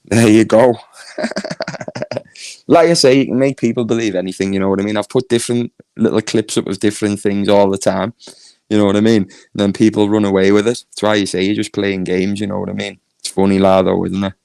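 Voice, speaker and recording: A man's voice: on the low side, steady tone, fairly quick, gravelly, warm tone, clean tone, dry recording. A man with a Northern English accent chatting casually on a live stream, laughing often and reading chat comments aloud. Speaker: YouTube streamer.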